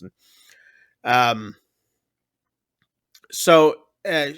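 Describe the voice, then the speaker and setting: A man's voice: fairly high pitch, lively intonation, slow pace, pauses often, pushed and bright. A man co-hosting a podcast, retelling a movie plot in a rambling, casual way, full of fillers as he acts out the characters' lines. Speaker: podcast co-host recapping a film. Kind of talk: casual chat.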